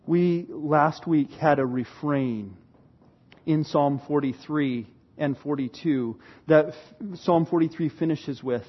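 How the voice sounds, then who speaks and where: Male preacher, unhurried delivery, swings between loud storytelling and quiet emphasis. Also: fairly high pitch, slightly rough, highs cut off. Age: adult parent. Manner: dramatic, shifts from loud retelling to hushed emphasis. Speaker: pastor. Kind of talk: sermon.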